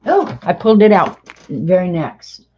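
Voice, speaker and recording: Slow, low-voiced chatty woman. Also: big pitch swings, mellow, slight background noise. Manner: laughs often, rambling anecdotes. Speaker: craft video host. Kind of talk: chatty storytelling while coloring. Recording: dull lo-fi recording.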